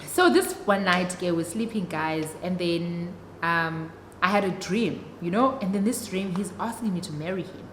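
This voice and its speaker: A young South African woman whose first language is isiXhosa tells a chatty, dramatic story-time vlog to her viewers. Her voice sits on the low side at a normal pace, with hardly any pauses. The room is echoey with long reverb and faint noise.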